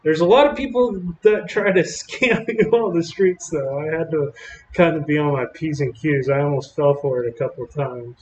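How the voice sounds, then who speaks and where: A man's voice: a little high, moderate pace, a little mellow, echoey room, a little hiss or hum, rough recording. A man from Texas giving casual, rambling live-stream commentary on storms while chatting with viewers. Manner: chatty, rambling, drawling with fillers.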